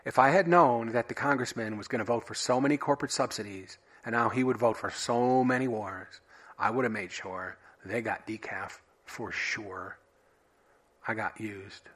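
A man hosting a solo podcast, sharing random thoughts in a wry, offhand, deadpan way. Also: fairly low pitch, moderate pace, husky. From United States. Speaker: podcast host.

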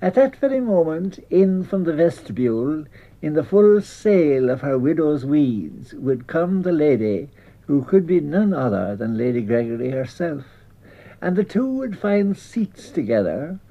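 Memoir reader, lively pitch movement, ironic reflective tone, dull archival recording. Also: unhurried. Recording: muffled archival broadcast.

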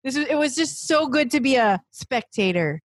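A woman's voice: high voice, expressive, normal speed, dry recording, studio quality. A Filipina woman with a Filipino accent co-hosting a casual chat over a video call, chatty and encouraging, laughing easily. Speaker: podcast co-host. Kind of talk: casual chat mixing English and Tagalog.

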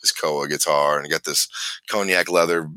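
A middle-aged man, a guest storyteller, rambles through a long personal story in casual conversation, acting out what people said and filling it with lots of fillers. His voice is rumbling and low with a steady, sharp, clean tone at a moderate pace. There's no room sound.

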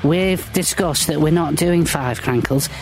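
A man doing a smug, deadpan radio host. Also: on the high side, measured pace, faint music behind. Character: smug, self-promoting male radio host, ex-football manager.

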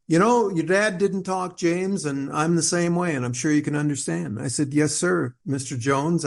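A middle-aged man, an author, telling stories in a rambling conversational way, restarting and repeating words, animated when he quotes others. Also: medium pitch, vocal fry. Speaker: author interviewed as guest. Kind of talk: conversational storytelling interview.

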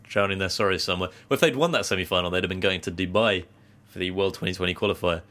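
A man's voice: low voice, racing, a bit bright. A man co-hosting a podcast in casual chat, jokey and laughing often. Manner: jokey, laughs often, does silly voices. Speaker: podcast co-host.

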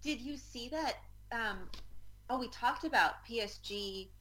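A woman banters on a casual football podcast. She teases her co-hosts playfully. She speaks at a slow, unhurried pace. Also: fairly high pitch, a bit bright, rough recording.

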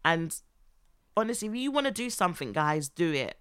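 A woman co-hosting a casual podcast, giggly and easily moved, and she reads passages aloud now and then. Her voice is bright and forward, pitched a little low for a woman, and the room is dry and close. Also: big pitch swings, brisk, clear, resonant tone, no room sound. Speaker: podcast co-host. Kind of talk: casual chat.

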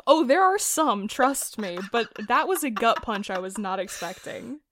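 Woman podcast cohost, bright high voice, slow deliberate chat, dry home mic. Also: sing-song. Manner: slow, deliberate build-ups, breaking into laughter. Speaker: podcast co-host. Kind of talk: casual chat.

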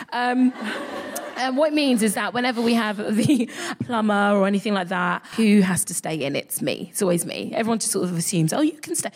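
A woman's voice: mid-range voice, noisy background. A woman, an actress co-hosting a live comedy podcast, telling chatty stories with giggles. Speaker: guest co-host, actress. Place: live venue stage.

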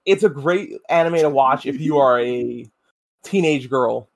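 A man co-hosting a podcast in relaxed casual chat, asking questions and giving brief replies. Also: medium pitch, a little slow, gravelly. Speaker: podcast co-host.

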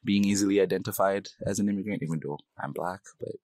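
Interviewee: young man from Nigeria, slight Nigerian accent, very low voice, dry close sound, thoughtful and hedging. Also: fast, darkish tone, dry recording. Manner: reflective, hedging, laughs easily. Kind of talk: casual interview.

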